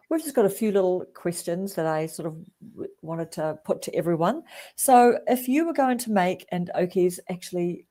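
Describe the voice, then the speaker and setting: A woman's voice: lowish voice, mellow. A middle-aged woman hosting a casual group video chat, asking the guests friendly questions with hesitant fillers.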